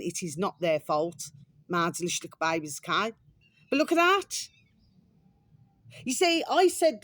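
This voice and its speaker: Brit lady having a chatty moan to camera, dry close sound, mid pitch. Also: a bit bright, no room sound. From England. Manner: chatty, repetitive, ranting, calls viewers "my delicious little babies". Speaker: vlogger. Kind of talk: casual ranting monologue to camera.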